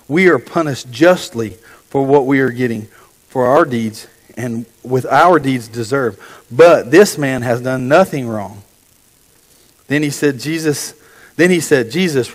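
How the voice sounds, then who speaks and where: A man delivers a sermon in an earnest, steady middle voice, stumbling and correcting himself as he reads scripture. The recording carries a long, echoing reverb from a large church room. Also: mid-range voice, unhurried. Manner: earnest, with repeated restarts and self-corrections. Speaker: preacher. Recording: echoey hall with long reverb.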